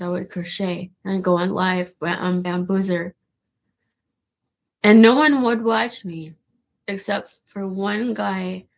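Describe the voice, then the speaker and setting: Slow, gravelly-voiced woman rambling. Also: medium pitch. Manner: rambling, with frequent restarts and swearing. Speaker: vlogger. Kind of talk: casual rambling monologue.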